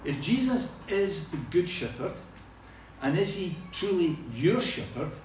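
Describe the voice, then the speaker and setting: A man with a high voice and a measured pace preaches; he is a Scottish pastor whose sermon unfolds as lively, funny storytelling. Captured from afar in an echoey hall, the audio carries a slight hiss or hum.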